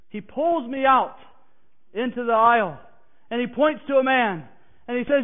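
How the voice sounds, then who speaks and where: A man preaching a personal testimony who swings from hushed, halting passages to emphatic declarations. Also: very high-pitched. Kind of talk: sermon testimony. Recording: tinny phone-like sound.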